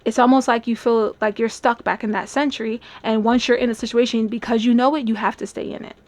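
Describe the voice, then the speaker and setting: This tarot reader speaks fast in a fairly high, steady-toned voice, musing chattily through a love reading to camera. She laughs a lot and voices what people might be thinking, as if channeling them.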